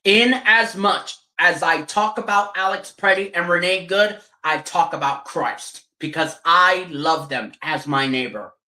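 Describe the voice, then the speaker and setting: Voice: medium pitch, a little slow, hardly any pauses, sharp tone. A streamer in a heated, profane political rant who keeps asking rhetorical questions. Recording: roomy echo.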